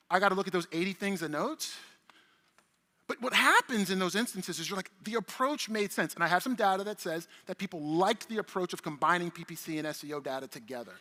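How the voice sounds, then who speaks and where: Middle-aged male keynote speaker, high pitch, brash and profane, working the room in a big reverberant hall. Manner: animated, profane, chatty with the audience. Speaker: conference speaker. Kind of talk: energetic keynote talk. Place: large conference hall stage. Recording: long reverb of a large conference hall.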